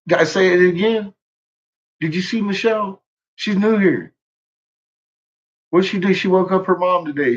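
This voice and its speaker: A man's voice: sits high, lively intonation, slow, long pauses, breathy edge, lo-fi sound. A man livestreaming to his chat in a profane, rambling rant, laughing often. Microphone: own microphone.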